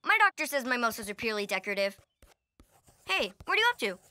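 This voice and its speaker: A woman voicing an excitable young boy elephant in a cartoon, eager and gushing as he talks. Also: a little high, fast, no echo, studio quality. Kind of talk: cartoon voice acting.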